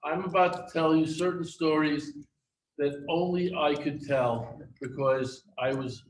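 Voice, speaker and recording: At a memorial gathering in a synagogue hall, a middle-aged man gives a eulogy told through humorous personal stories. His voice is on the high side and unhurried. The recording captures him from far off in an echoey hall with faint noise.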